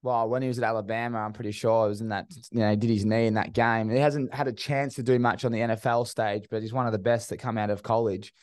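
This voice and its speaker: A man's voice: on the low side, steady tone, quick pace, hardly any pauses, a little mellow, no room sound. An Australian man hosting a casual sports podcast, chatty and upbeat with matey banter. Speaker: podcast host.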